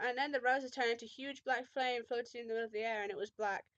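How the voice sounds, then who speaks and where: A woman's voice: on the high side, fairly even intonation, quick pace, few pauses, fairly bright tone, no echo, highs cut off. A woman giving a comedic dramatic reading of fan fiction, with sarcastic asides and frequent swearing. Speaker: channel host reading fan fiction aloud.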